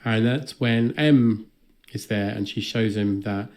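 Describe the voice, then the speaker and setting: A man's voice: on the low side, takes it slowly, darkish tone. A man co-hosting a comedy podcast, recapping a film in a dry, sardonic way. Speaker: podcast co-host.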